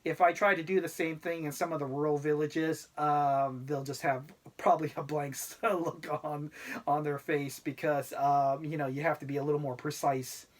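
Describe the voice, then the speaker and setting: A man's voice: a little high, level tone, normal speed. A middle-aged man talking casually to camera about life abroad, rambling and laid-back with many fillers. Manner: laid-back, self-deprecating. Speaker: expat vlogger.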